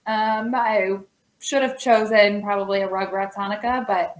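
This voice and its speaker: A woman co-hosting a casual TV recommendation chat, relaxed and conversational with some fillers. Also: mid-range voice, a little slow. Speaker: co-host. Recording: echoey room.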